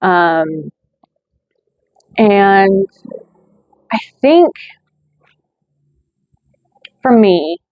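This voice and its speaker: A woman's voice: medium pitch, very animated, drawn-out words, highs cut off. A woman hosting her own movie review channel, talking in a chatty way with lots of fillers and self-corrections. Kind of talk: casual scripted review.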